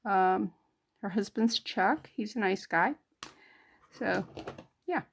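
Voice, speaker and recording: A woman's voice: mid-range voice, slow, vocal fry, a little hiss or hum. A middle-aged woman from northern New York, hosting a jewelry crafting vlog in a homey, rambling way with many fillers. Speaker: jewelry crafting channel host.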